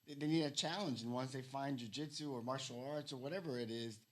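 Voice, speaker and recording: A man's voice: mid-range voice, fast. A man hosting a casual podcast chat, laid-back and encouraging.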